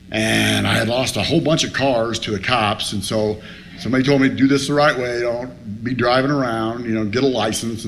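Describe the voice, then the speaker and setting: In a meeting room, a man at a recovery meeting tells a funny personal story, cussing plenty and acting out his past self like a salty storyteller. His voice is medium-pitched with a fairly bright tone.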